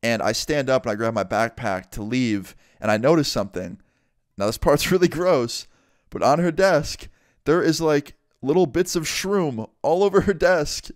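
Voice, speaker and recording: A man's voice: on the high side, normal speed, no echo, studio quality. A young man casually telling a story-time vlog, swearing freely and acting out the people in it. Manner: casual, swears a lot, acts out every voice. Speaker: vlogger.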